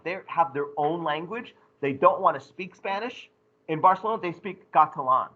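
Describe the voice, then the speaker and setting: A male teacher giving an animated, joking classroom lecture to his students. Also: fairly high pitch, normal speed, narrow, tinny audio.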